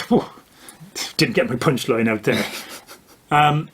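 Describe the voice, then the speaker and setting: Husky older man explaining with dry wit. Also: mid-range voice, takes it slowly, a bit bright. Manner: explanatory with dry, wry jokes. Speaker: author and commentator. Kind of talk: casual conversational debunking.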